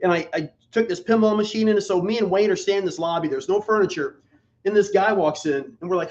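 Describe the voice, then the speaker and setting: A man telling a story in casual chat, animated and profane. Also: high-pitched, quick pace, highs cut off.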